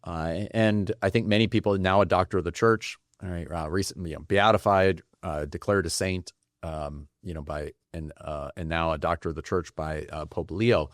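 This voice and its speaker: A man's voice: low-pitched, fairly even intonation, moderate pace, dry recording, clean studio sound. A man hosting a podcast interview, asking curious questions and thinking aloud. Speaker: podcast host. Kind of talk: casual interview chat.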